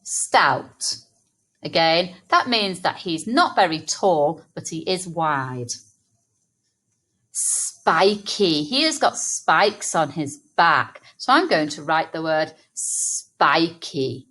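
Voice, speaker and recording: Female teacher, slightly low voice, animated, unhurried phonics delivery for small children. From England. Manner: slow, clear, sounding out words for young children. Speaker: primary school teacher. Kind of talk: early-years phonics lesson.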